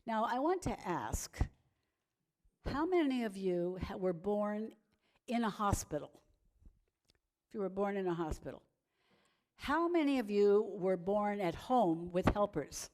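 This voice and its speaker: A woman telling a gentle children's story at a worship service, pausing to ask the audience questions. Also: medium pitch, lively intonation.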